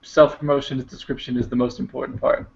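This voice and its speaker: A man's voice: mid-range voice, flat delivery, quick pace, gravelly. A man chatting casually as a podcast co-host, rambling through stories and swearing offhandedly. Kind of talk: casual chat. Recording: dull lo-fi podcast audio.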